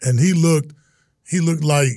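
A middle-aged man from Texas, a retired football player, telling stories as a guest in an animated, exclaiming way. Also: fairly high pitch, unhurried, dry recording, studio quality. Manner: animated, exclaiming, acts out quotes. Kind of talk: storytelling in casual chat.

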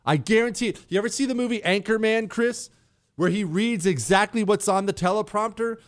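A man hosting a talk radio show, riffing casually in an animated, sarcastic and self-mocking way. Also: high-pitched, a little fast.

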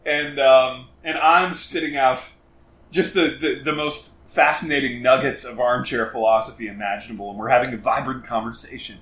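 Male podcast co-host in a roomy space, mid-pitched, loose riffing delivery. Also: steady tone, moderate pace, fairly bright tone. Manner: rambling, self-interrupting, playful riffing. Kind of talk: casual chat. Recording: roomy echo.

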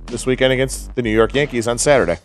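A man co-hosting a sports betting show, speaking in a brisk, matter-of-fact way. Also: mid-range voice, soft background music. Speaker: co-host. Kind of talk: casual sports talk.

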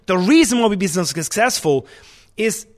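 During a casual interview, a man who is a chef and restaurant owner talks animatedly and with emphasis. His voice is high-pitched and his pace is normal.

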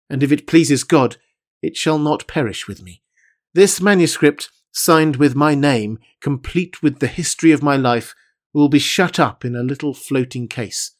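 A man reading aloud voices a stern, secretive sea captain who talks curtly and ironically, then gravely. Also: a little high.

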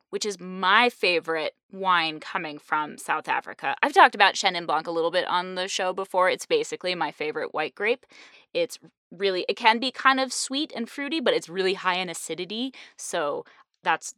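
A woman's voice: fairly low pitch, lively intonation, moderate pace, sharp tone, dry recording, studio quality. A woman hosting a casual podcast chat, bubbly and fond of puns, laughing often. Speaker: podcast host.

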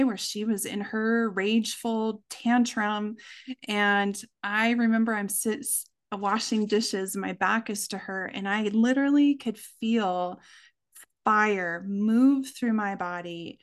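A woman, a mother, telling a personal story in a conversation, earnest and reflective, slowing down for emphasis. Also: mid-range voice, steady tone. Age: adult with children. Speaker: podcast guest.

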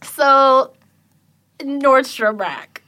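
Bright, animated, foul-mouthed Californian woman. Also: very slow. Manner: animated, swears constantly, acts out quotes with big pitch jumps. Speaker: podcast co-host telling a story. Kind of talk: casual storytelling chat, profane.

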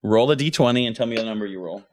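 A man's voice: on the low side, darkish tone, slight background noise. Guy game master narrating casually, restarts a lot. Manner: casual, halting, many restarts.

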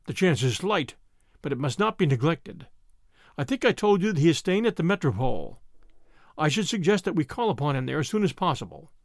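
A man voicing a calm, shrewd older male lawyer who speaks quietly and deliberately. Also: fairly high pitch, creaky, dry recording, studio quality. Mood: measured.

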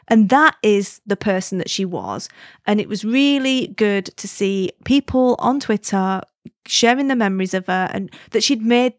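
Animated woman podcast host. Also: medium pitch, no echo, studio quality. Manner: animated, chatty storyteller. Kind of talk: casual podcast chat.

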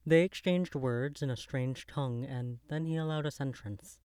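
A man narrating a gothic horror story in the first person, in a measured, literary storytelling manner. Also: mid-range voice, darkish tone, clean tone, no echo.

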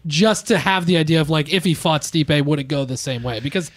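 A man hosting a podcast, speaking in a relaxed, conversational way. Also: fairly high pitch, a little fast, no room sound. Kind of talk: casual chat.

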